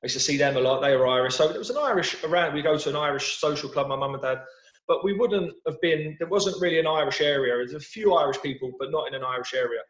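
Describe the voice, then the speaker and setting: A man's voice: a little high, fast, a bit bright. A man with a London English accent, a football manager being interviewed in casual chat, rambling with frequent restarts and repeated words over a video call. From London, England. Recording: roomy, dull video-call audio.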